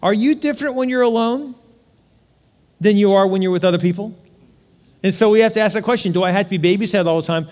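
A high-voiced man delivers a sermon in a conversational, questioning way. He keeps asking his listeners pointed rhetorical questions and sometimes acts out small scenes with sudden loud cries. His voice rings out with the long reverb of a large hall. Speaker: pastor.

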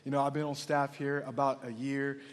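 A young man from Texas preaching a lively sermon as a middle school pastor, energetic and calling out to the congregation. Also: mid-range voice, brisk, smooth. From San Antonio, Texas. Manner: energetic, hype, calls out to the congregation. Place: large church hall. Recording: live church hall with long reverb.

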